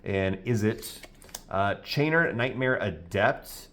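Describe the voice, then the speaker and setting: Unhurried, lively-voiced man reading cards. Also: fairly low pitch. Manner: slow, hesitant reading of card names with many "uh"s. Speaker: co-host opening card packs. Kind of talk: casual card opening chat.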